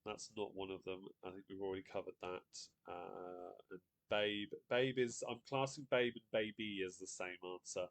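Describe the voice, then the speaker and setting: A man's voice: low voice, steady tone, normal speed, few pauses. A man hosting a live online quiz, chatty, reading out viewer guesses and laughing often. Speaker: quiz host.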